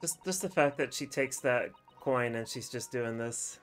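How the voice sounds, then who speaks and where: A man's voice: mid-range voice, a little slow, fairly bright tone, soft background music. Chatty man commentating a game. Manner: chatty, reactive, swears freely. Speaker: let's play streamer. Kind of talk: casual gameplay commentary.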